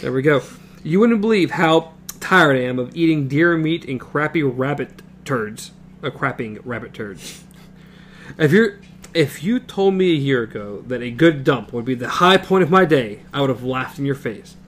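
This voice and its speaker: A man's voice: on the high side, lively intonation, moderate pace, a bit bright, slight background noise. A man reading a novel aloud with a partner, stopping to comment and correct himself. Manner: reads with comments and self-corrections. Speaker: reader.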